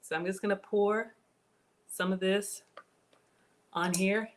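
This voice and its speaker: Chatty excitable woman cooking live. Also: medium pitch, slow pace. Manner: chatty, excitable, talks to viewers as "y'all". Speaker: cooking livestream host. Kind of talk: casual live cooking chat to viewers. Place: home kitchen.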